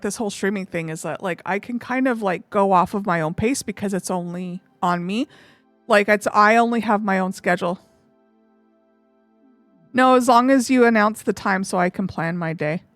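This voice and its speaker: A woman's voice: medium pitch, dry recording. A woman streamer chatting casually and openly, rambling with lots of fillers. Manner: open and emotional. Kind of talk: casual live-stream chat.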